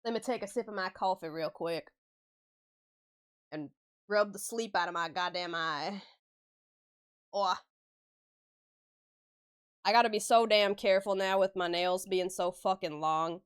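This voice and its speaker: Smooth-voiced woman chatting on stream. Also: mid-range voice, unhurried, long pauses. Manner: chatty, swears casually, laughs often, answers chat. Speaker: live-stream artist. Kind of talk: casual stream chat while drawing.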